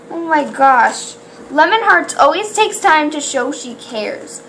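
High-voiced, excitable woman vlogger. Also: takes it slowly, slight background noise. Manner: excitable, gasping and gushing; rambling with trailing restarts. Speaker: toy unboxing vlogger. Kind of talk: casual toy unboxing chat.

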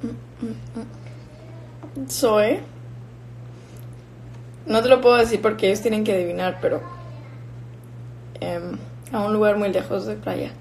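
A woman's voice: medium pitch, level tone, a little slow, vocal fry, pauses often, darkish tone, slight background noise, rough recording. A young woman from Finland, casually chatting with fans on a live stream and answering their comments while she eats. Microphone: phone or built-in mic.

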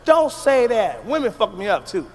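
A middle-aged man from the United States doing a loud, profane stand-up comedy routine on stage, telling punchy stories. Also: sits high, wildly swooping pitch, moderate pace. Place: stage before a live audience.

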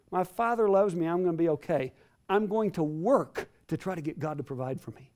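A man preaches to a live audience in a high, lively voice that climbs and swoops. He hammers his points home, repeating key phrases with rising emphasis. It is an earnest teaching sermon. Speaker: Bible teacher.

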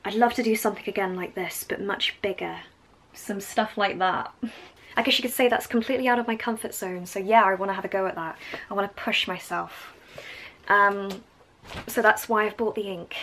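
A young woman with an Essex accent, chatting excitedly as she shows off art supplies in a casual home vlog. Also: medium pitch, slight background noise, low-quality recording. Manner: chatty and enthusiastic, going on tangents. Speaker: art vlogger.

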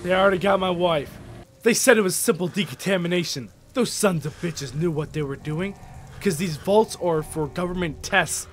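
A young man hosting a let's play, reacting out loud with lots of swearing and animated outbursts. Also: high-pitched, normal speed, a little hiss or hum. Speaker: gaming video host.

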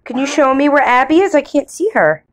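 A mother coaxing her toddler with slow, sing-song questions. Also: high voice, animated.

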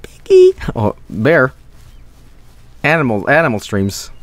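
A man streaming a video game, rambling and swearing in casual commentary with sudden high-pitched outbursts. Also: lively intonation, moderate pace.

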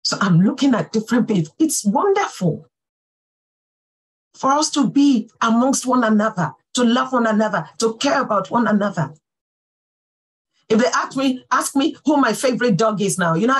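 A woman pastor giving a sermon, fervent and full of praise exclamations, swinging from soft talk to calling out. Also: a little high, lively intonation, normal speed, breathy edge, poor audio.

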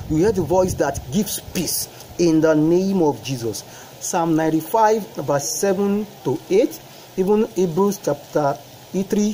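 A man preaching a sermon, repeating phrases with rising fervor and praying in a low, soft voice. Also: slight background noise, low-quality recording.

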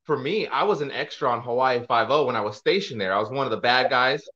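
A man's voice: medium pitch, quick pace, a loud crowd. A man hosting a podcast and chatting casually about his own time in the military. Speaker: podcast host and military veteran. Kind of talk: casual interview chat. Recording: dull, muffled audio.

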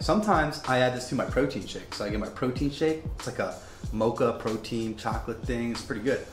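A man talks through a home coffee demo in a loose, rambling way, dropping joking asides as he goes. His voice sits at an ordinary middle pitch. The room is echoey, and faint music plays underneath. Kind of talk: casual product demo.

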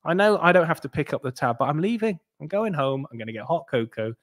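A man hosts his own crypto channel and talks casually to his viewers. His delivery rambles, with many restarts and asides. He swings between low, mumbled stretches and sudden animated bursts. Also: fast.

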